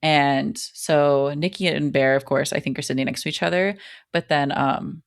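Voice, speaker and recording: A woman co-hosting a podcast, chatting casually about a horror film, full of likes and ums and quickly acting out lines. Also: sits low, steady tone, gravelly, no room sound, clean studio sound. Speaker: podcast co-host.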